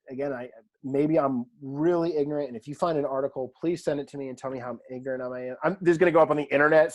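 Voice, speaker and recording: A man teaching a language class in a relaxed lecture style, chatty and self-deprecating, often quizzing his students. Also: a little high. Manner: conversational, self-deprecating, asks the class questions. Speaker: Greek teacher.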